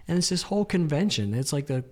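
A man, a missionary guest in an interview, telling a lively story with lots of "like" and acted-out quotes. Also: fairly high pitch, quick pace. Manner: animated storyteller, acts out quoted lines, frequent "like".

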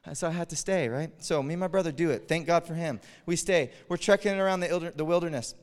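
Male pastor, storytelling sermon, clear voice, long hall reverb. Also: a little high, fast talker. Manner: animated, chuckling storyteller. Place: church hall.

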